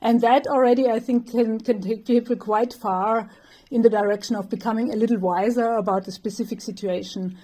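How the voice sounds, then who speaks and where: A woman's voice: fairly high pitch, steady tone, a little fast, dark tone. A woman professor, answering interview questions thoughtfully, with light laughs and some fillers. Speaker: developmental psychology professor, guest.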